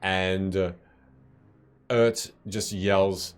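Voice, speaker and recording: Low-voiced man running a tabletop game. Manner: halting, many fillers, laughs often. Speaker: game master.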